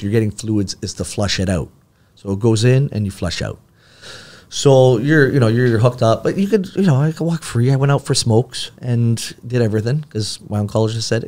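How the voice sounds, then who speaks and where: A man's voice: on the low side, a little mellow. A man, a podcast guest telling a long personal story in casual talk and acting out the dialogue.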